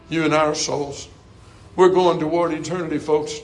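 A man preaching a sermon in a folksy, earnest way, rising to loud emphasis and dropping to hushed asides. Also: on the high side, moderate pace.

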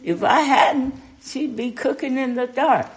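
Older woman leading a slow folksy Bible study. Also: sits high, lively intonation. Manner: folksy, conversational, asks questions of the group. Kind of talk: informal Bible study teaching.

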